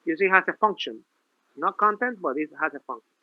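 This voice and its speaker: A man's voice: fairly high pitch, fast, no echo, phone-quality sound. A male professor giving a classroom grammar lecture, asking rhetorical questions and repeating himself. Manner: lively, repetitive, rhetorical questions.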